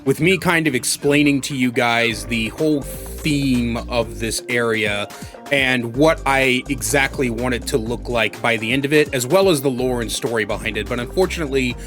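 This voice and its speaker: A man's voice: medium pitch, moderate pace, fairly bright tone, soft background music. A man giving casual, rambling commentary as he plays a block-building game, sometimes yelping and pleading in panic. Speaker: Minecraft let's play host.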